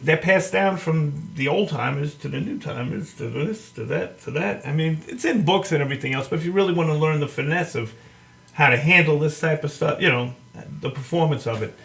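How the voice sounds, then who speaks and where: A man with a New York accent tells stories in a loose, animated way and laughs often. His voice is gravelly and bright, and it sits a little high for a man. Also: fairly quick. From Long Island, New York. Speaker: magician guest. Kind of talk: casual chat.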